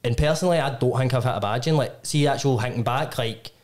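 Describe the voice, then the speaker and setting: A young Glaswegian man with an ordinary mid-pitched voice tells stories in a loose, meandering way. He fills his talk with "like" and "mate" and swears freely. It sounds like a relaxed podcast chat between friends. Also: fast talker. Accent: Glaswegian Scottish. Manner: sweary, rambling storyteller full of "like" and "mate". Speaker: podcast host. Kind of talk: casual chat, anecdote telling.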